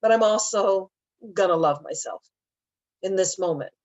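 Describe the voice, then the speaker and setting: A middle-aged woman speaking as a spiritual teacher, talking gently and emotionally about grief and often repeating her phrases. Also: mid-range voice, normal speed, no room sound, lo-fi sound. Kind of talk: heartfelt talk on grief.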